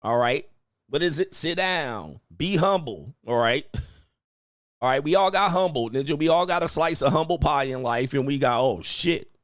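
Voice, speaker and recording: A man's voice: on the high side, normal speed, no echo, clean studio sound. A man hosting a casual commentary stream, brash and profane, chuckling often and tagging lines with "all right?". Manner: repeats "all right?" as a verbal tic. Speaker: podcast host.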